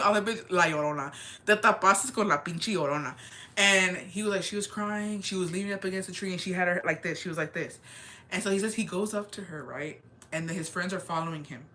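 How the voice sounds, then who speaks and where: A young woman tells a spooky story in a loose, chatty way, swearing and tossing in Spanish phrases. Her voice is bright and a little lower than most women's. She sounds lively and talks in slang. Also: slight background noise. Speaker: storyteller vlogger. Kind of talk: casual storytelling.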